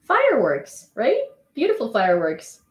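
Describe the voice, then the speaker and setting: A woman's voice: on the high side, huge pitch swings, normal speed. A woman from Ukraine streaming war news and chatting casually with her viewers. She giggles a lot and fills her talk with "like" and "um". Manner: chatty and giggly, heavy use of "like" and "um". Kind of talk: casual live chat with viewers.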